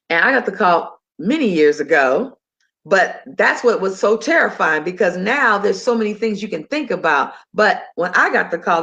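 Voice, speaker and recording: Woman, middle-aged, casual storyteller, animated, acts out dialogue, mid pitch, lo-fi sound. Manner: animated, acts out both sides of phone calls. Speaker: talk show host sharing a personal story.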